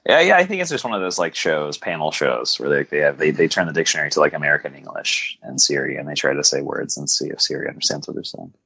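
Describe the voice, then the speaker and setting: Deep voiced guy rambling on a podcast, dry close sound, lots of likes and ums. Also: animated, quick pace, creaky, hardly any pauses, pushed and bright, slightly rough, no room sound, low-quality recording. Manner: rambling, hedging with fillers. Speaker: podcast co-host. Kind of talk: casual film-discussion chat.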